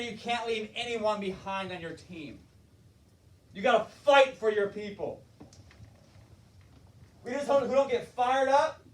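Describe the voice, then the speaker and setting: An impassioned man delivering a motivational leadership talk, his voice pitched high for a man. He acts out his story with feeling. The sound is roomy and picked up from a distance. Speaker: motivational speaker, school board member.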